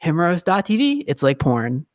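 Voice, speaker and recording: A man's voice: on the high side, big pitch swings, normal speed, no room sound. Playful laughing man hosting a podcast, dry sound. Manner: playful, laughs often, teasing. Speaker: podcast host. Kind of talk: casual chat and read sponsor message.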